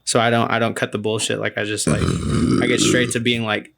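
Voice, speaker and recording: Gravelly man in casual podcast chat. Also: on the low side, little pitch movement, brisk, noisy background. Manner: laid-back, rambling, many fillers and restarts.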